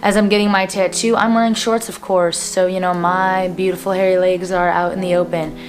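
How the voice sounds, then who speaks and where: A woman in her twenties tells a personal story straight to camera, earnest and plain-spoken, often pausing on fillers. Her voice sits a little low for a woman. Soft music plays faintly underneath. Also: flat delivery. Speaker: vlogger.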